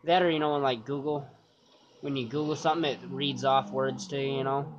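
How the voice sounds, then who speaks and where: A man's voice: medium pitch, steady tone, fairly quick. A man giving loose, rambling gameplay commentary, cursing casually and thinking aloud. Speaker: gaming YouTuber. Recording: dull lo-fi sound with clear noise.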